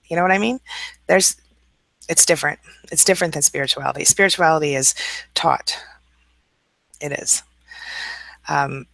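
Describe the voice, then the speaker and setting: A woman hosting a casual live stream, reading out viewer comments and answering them with a warm, chatty manner. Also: sits low, creaky, no room sound.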